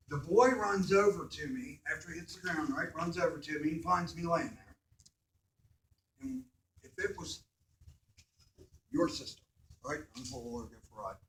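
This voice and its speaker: A man speaks earnestly to a room of students about his own experience, pausing often to check in with them. His voice sits a little high and rings through an echoey hall, picked up from some distance with faint background noise. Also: a bit bright. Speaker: speaker telling his accident story to students. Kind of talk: personal testimony talk. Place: school hall or classroom.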